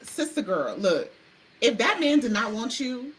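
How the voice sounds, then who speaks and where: A young woman co-hosting a podcast in casual, chatty talk, expressive and rambling with fillers. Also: a little high, unhurried, rough recording. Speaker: podcast co-host. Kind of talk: casual chat. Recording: faint background noise.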